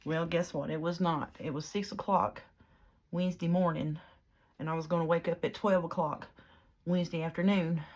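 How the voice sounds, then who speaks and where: A woman's voice: on the low side, steady tone, normal speed, darkish tone. A middle-aged woman telling a long, rambling story in casual chat while crafting, with lots of fillers. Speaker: craft vlogger.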